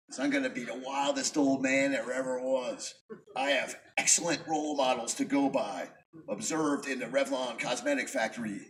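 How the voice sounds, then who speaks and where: A man from New York reading his own poems at a live show, in a dry, wry storytelling manner with punchy pauses. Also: mid-range voice, a bit bright, slight background noise. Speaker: performance poet. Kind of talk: live spoken-word poetry reading. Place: live venue before an audience. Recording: distant mic, faint room ambience.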